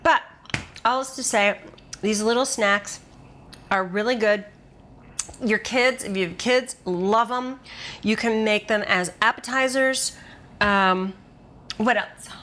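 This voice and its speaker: A woman's voice: mid-range voice, slow pace, long pauses, a bit bright. Playful, enthusiastic woman co-host. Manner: playful, enthusiastic, given to laughing. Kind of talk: casual chat on camera.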